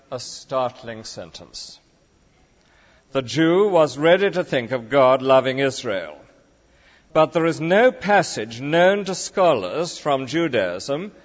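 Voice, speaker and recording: A man preaching a sermon in a measured, emphatic, lecturing way. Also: on the high side. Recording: dull lo-fi recording with long reverb.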